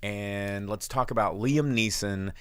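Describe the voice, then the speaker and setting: A man co-hosting a casual live show, telling rambling, animated stories about his bar. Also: a little slow, smooth, no echo. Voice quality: big booming voice when yelling. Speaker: podcast co-host and bar owner.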